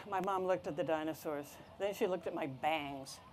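A woman reading a picture book aloud to children, telling the story in an expressive, animated way. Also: low-pitched, moderate pace, few pauses, slight background noise.

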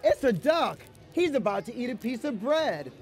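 A man with a very high, widely swinging voice and a darkish tone reads a picture book aloud to children at an outdoor event, moving at a moderate pace. He is playful, calling out questions to the young crowd during the lively reading, with soft music in the background.

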